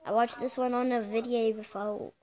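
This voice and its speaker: A chatty woman vlogger with a slightly high voice, reacting to clips in casual commentary. She exclaims freely and keeps turning to her viewers to point things out. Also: level tone, moderate pace, darkish tone.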